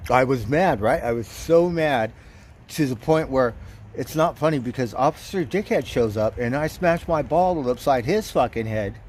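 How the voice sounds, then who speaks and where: A man's voice: mid-range voice, normal speed, slight background noise. A man livestreaming outdoors, telling a story in a casual, profane way, chuckling as he goes. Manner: profane, chuckling, animated retelling.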